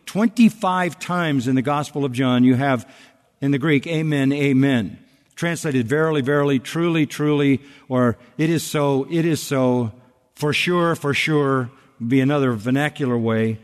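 A man's voice: medium pitch, moderate pace, big-room sound. A man preaching a sermon in an earnest expository manner, stressing points with repetition. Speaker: pastor.

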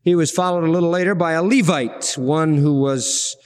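A man with a high voice preaches a verse-by-verse sermon. He leans hard on the words he wants to stress, and his voice rings out with a long echo in a big hall. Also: moderate pace. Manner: emphatic preaching, rising to stress key words. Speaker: pastor. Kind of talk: expository sermon.

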